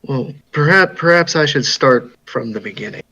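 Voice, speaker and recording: A man's voice: mid-range voice, animated, moderate pace, sharp tone, muffled recording. A man playing a jittery orc adventurer. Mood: uneasy. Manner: hesitant and jittery. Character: nervous male orc adventurer, uneasy. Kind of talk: tabletop game character voice.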